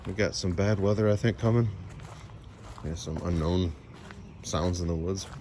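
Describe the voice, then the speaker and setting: A man vlogging on a walk with his cat outdoors, chatting in a soft, rambling way. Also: low voice, moderate pace. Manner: soft-spoken, rambling, coos baby talk to his cat. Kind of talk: casual chat, talking to his cat and viewers. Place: outdoors in woods near a house. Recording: noticeable outdoor background noise.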